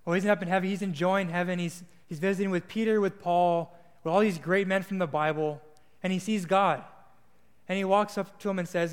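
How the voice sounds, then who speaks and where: A young man gives a sermon in a loose, earnest storytelling manner, now and then restarting a word. His voice sits high for a man. The sound rings with the long reverb of a large hall. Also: steady tone, fairly quick, clear, resonant tone. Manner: casual, earnest, with small restarts. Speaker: preacher.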